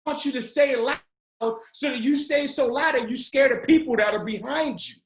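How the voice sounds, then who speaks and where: A man giving an energetic motivational pep talk to a sales team over a video call, often shouting and urging listeners on. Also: extremely high pitch, a little fast. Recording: roomy video call audio.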